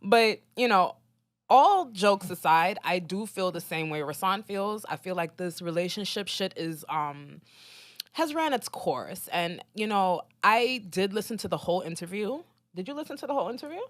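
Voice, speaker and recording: A young woman co-hosting a podcast in casual chat, animated and teasing, with lots of ums. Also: lowish voice, unhurried, no room sound. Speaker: podcast co-host.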